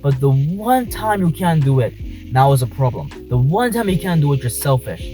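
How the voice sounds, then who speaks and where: A man's voice: mid-range voice, big pitch swings, normal speed, mellow, faint music behind, rough recording. A man vlogging from inside a car, speaking passionately and emphatically, repeating his points. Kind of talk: talking to camera in a car.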